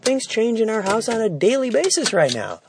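Middle-aged man, wry exasperated storyteller, lively swooping voice, slightly high, stressed, phone recording in a warehouse, faint background hum. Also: normal speed. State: stressed and tired. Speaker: vlogger. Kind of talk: casual storytelling vlog. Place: indoor storage warehouse. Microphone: phone held while walking.

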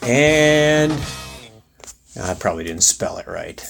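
A man's voice: fairly low pitch, lively intonation, takes it slowly, vocal fry, a bit bright, faint music behind. A man in his forties from Michigan hosting a chatty, rambling solo podcast. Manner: chatty, rambling, laughs and restarts. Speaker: podcast host. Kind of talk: casual solo podcast monologue.

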